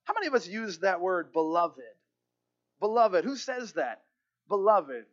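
A man preaching a sermon as pastor, fervent, repeating key phrases and slowing down to stress them. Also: sits high, sing-song, dull audio.

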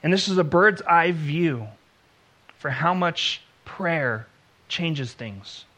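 Bright, high-voiced male preacher. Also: lively intonation. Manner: earnest preaching, slows for emphasis, acts out biblical dialogue. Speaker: pastor. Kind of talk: sermon.

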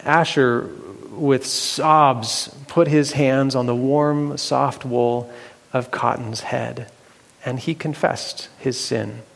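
A man telling a Bible story aloud, unhurried and halting, with fillers and restarts. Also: medium pitch, steady tone, creaky, a bit bright. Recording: long hall reverb.

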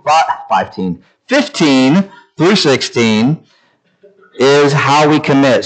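Casting note: male preacher, mid-pitched voice, deliberate, stresses each word, teaching a congregation. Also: rough recording. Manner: slow deliberate emphasis on each word, varied delivery. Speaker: pastor. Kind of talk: sermon.

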